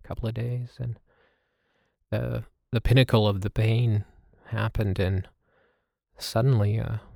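A man telling a reflective personal story as a host, halting and with many fillers. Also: lowish voice, gravelly, darkish tone, no room sound, clean studio sound. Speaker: podcast host. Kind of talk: personal storytelling about meditation.

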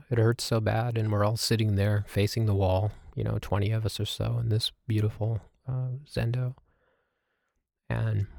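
A man telling a reflective personal story as a host, halting and with many fillers. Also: fairly low pitch, gravelly, darkish tone, no echo, clean studio sound. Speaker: podcast host. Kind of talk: personal storytelling about meditation.

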